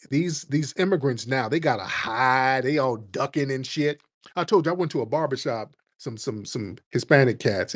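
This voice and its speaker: A man from the United States hosting a comedic rant, with profane, animated, mocking storytelling. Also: mid-range voice. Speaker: host.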